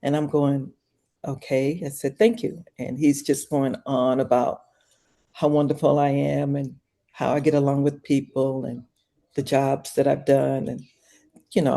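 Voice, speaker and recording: An older woman, a podcast guest, telling an animated story in a casual interview and acting out every voice in it, from hushed to shrieking. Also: rumbling low.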